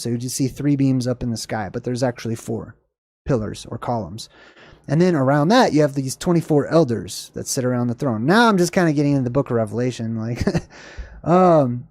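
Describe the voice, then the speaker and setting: A man hosts a livestream and answers chat questions in a loose, rambling way, often groping for words and correcting himself. His mid-range voice is slightly hoarse and darkish in tone, and the recording is dry.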